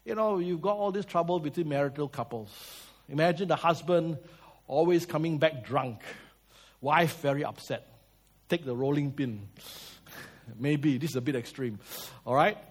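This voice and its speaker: A man preaching a sermon, telling stories and asking the audience questions, moving between loud and soft. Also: on the high side, normal speed. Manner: lively storytelling, swings between loud and soft.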